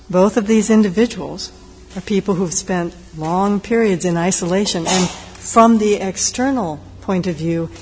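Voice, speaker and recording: Gentle woman giving a meditation talk. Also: medium pitch. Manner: gentle, reflective, unhurried with pauses. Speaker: meditation teacher. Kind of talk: dharma talk. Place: meditation hall. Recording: long hall reverb, faint noise.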